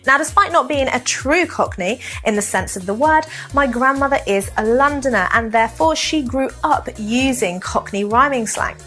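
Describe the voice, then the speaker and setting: Clear-spoken woman teacher. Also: high voice, lively intonation, fairly bright tone, faint music behind. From south of England. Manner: clear, measured and explanatory. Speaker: English teacher. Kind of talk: scripted lesson to camera.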